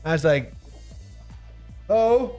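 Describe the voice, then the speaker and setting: A young Northern Irish man with a slightly high voice tells a rambling, sweary story, laughing through it as he goes. He co-hosts a casual live talk show, and faint music plays behind him. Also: lively intonation, very slow, a little mellow. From Northern Ireland.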